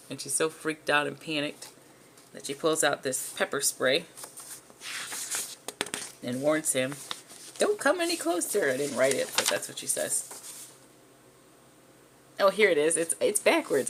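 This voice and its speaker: A low, gravelly woman poking fun at herself. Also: fairly bright tone, a little hiss or hum. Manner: self-mocking, wry. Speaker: vlogger and artist. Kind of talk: casual commentary on old drawings.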